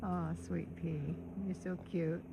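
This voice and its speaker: A woman narrates a farm video in an unhurried, gravelly voice, slipping into soft baby-talk for her animals. She is recorded outdoors on a phone, with clear farm noise and animal sounds behind her. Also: lowish voice, level tone. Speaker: farm vlogger. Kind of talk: casual narration while filming animals. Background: animal sounds and outdoor ambience.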